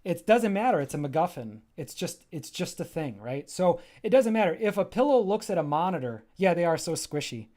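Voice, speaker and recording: Very animated and a little fast, this high-pitched man barely pauses as he gushes through a rambling livestream walkthrough of his graphic novel, frequently interrupting himself. His tone is darkish.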